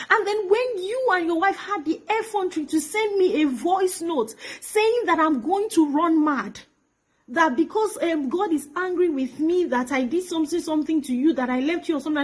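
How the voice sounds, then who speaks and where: A woman's voice: very high voice, low-quality recording. A young Nigerian woman speaking straight to a phone camera in an emotional video message, pleading and accusing by turns and sometimes dropping to a whisper. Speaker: actress addressing her former pastor.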